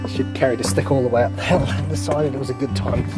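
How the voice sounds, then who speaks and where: A man's voice: medium pitch, steady tone, fast talker. A man narrating a casual family vlog outdoors with wry, dry commentary. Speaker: father filming a family day out. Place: outdoors on a coastal hill. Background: loud music.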